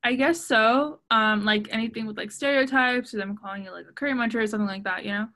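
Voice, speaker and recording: A young woman hosting a casual chat, speaking in a relaxed, hesitant way with fillers. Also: fairly high pitch, quick pace. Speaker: podcast host.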